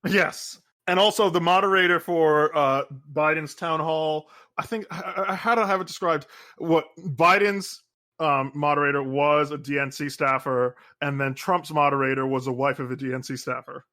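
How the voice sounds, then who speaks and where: A man's voice: fairly high pitch, steady tone, normal speed, sharp tone. A man co-hosting a podcast, chatting casually about politics with dry humor and lots of filler words. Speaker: podcast co-host.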